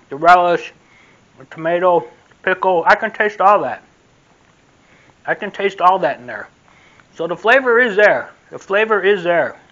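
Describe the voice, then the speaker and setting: A man's voice: high-pitched, a bit bright, dull audio. A man casually reviewing a sauce on his vlog, repeating himself in a loose, rambling way. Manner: repetitive, rambling, friendly sign-off. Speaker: food vlogger. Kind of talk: casual taste-test review.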